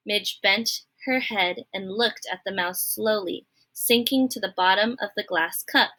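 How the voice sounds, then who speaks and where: A woman reading a children's novel aloud, expressive and friendly, speaking directly to her listeners. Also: mid-range voice, measured pace, few pauses. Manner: expressive, friendly, addresses the reader. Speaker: storybook reader.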